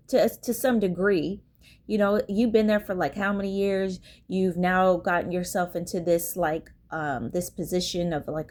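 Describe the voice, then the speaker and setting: A young woman telling a story in a casual vlog, animated and swearing freely, with lots of fillers, acting out the people she quotes. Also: medium pitch. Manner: many fillers like "like". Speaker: vlogger.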